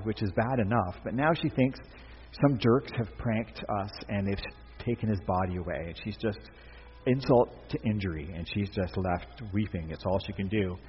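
A man's voice: fairly low pitch, slight background noise. A man giving a sermon as pastor, speaking in a conversational, emphatic way with repeated phrases. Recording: dull, echoey hall recording.

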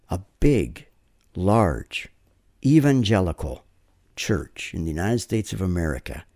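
A man's voice: on the low side, a little mellow. A man preaching a sermon, telling stories conversationally and checking in with "right?" tag questions.

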